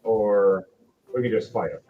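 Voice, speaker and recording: A man narrating as game master in a relaxed, conversational way, with quick asides to the players. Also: on the low side, phone-quality sound.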